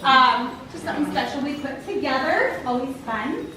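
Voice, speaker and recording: A woman leading a children's show, telling a fairy tale and calling out questions to the kids in an animated way. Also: high-pitched, normal speed. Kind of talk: interactive storytelling to children. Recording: echoey hall from far off, noisy.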